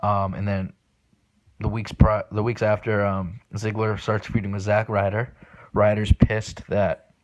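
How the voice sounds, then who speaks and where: A man hosting a solo podcast, giving casual spoken predictions with lots of ums and restarts, excitable and swearing, recorded without his usual microphone. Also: fairly low pitch, unhurried. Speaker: podcast host. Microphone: not his usual microphone.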